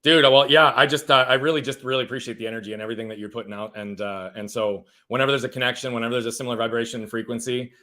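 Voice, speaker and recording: A man hosting a live-streamed coaching interview, effusive and affirming, warmly praising his guest. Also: medium pitch, level tone, racing, hardly any pauses. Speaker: host.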